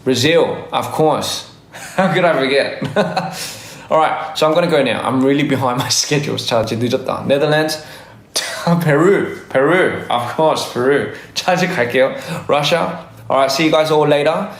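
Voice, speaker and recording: A man rambles loosely on a phone livestream, restarting often as he chats casually as host. His mid-range voice moves fast, and the recording has a roomy echo.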